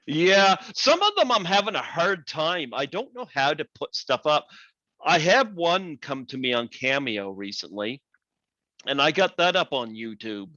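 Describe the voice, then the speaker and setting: A man's voice: on the high side, big pitch swings, a little slow, pushed and bright, dull audio. A man from Canada hosting an interview show, chatty and self-deprecating. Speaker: podcast host. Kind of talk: casual interview chat.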